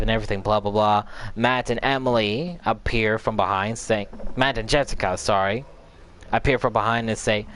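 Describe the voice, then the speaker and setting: Brief: male gaming host, low voice, rambling casual recap, faint background noise. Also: steady tone, a little fast, fairly bright tone. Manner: rambling, repeats filler words while recalling. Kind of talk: casual game story recap.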